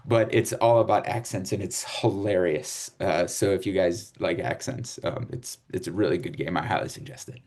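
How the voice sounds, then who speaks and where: A man from Chicago hosting a casual group chat on a video call, relaxed and rambling with fillers and laughs. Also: sits low, moderate pace, hardly any pauses. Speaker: host.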